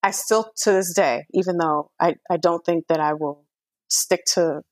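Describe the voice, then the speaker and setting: A woman's voice: lowish voice, fairly even intonation, normal speed, a little mellow, no echo. A woman guest speaking frankly and earnestly in casual conversation, with slangy asides. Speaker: podcast guest.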